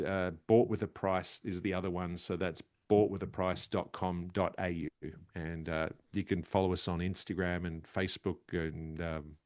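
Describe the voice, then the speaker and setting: A man guest comedian in casual interview chat, animated and laughing often as he acts out quotes. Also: low voice. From Australia.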